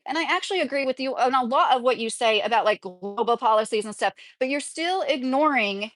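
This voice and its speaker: A woman's voice: a little high, animated, fairly quick, few pauses, fairly bright tone, no room sound, studio quality. A woman in her thirties from Kentucky, talking at home in a rambling, opinionated livestream chat and reading viewer comments aloud. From Kentucky, USA. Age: 30s. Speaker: vlogger.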